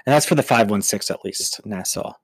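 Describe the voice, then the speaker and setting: A man's voice: on the low side, brisk, husky, dry recording, whispered. A man from Long Island hosting a podcast and riffing through a profane, sarcastic comedic rant. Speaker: podcast host.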